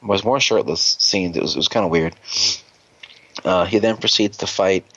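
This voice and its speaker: A man's voice: sits low, moderate pace, fairly bright tone, muffled recording, slight background noise. A man hosting a podcast, casually recapping an episode in a rambling, joking way with plenty of swearing. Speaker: podcast host.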